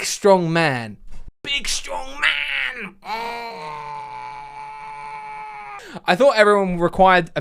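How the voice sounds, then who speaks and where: A man's voice: high-pitched, clear, resonant tone. Exasperated young man ranting. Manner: exasperated ranting, mock deadpan. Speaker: customer service worker. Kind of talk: comedic storytime vlog.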